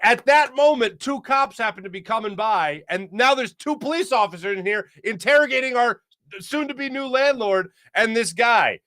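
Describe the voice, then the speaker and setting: A man in his late thirties, a sports show host, telling a story in a casual, animated way, laughing often and acting out the quotes. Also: high-pitched, no echo, studio quality.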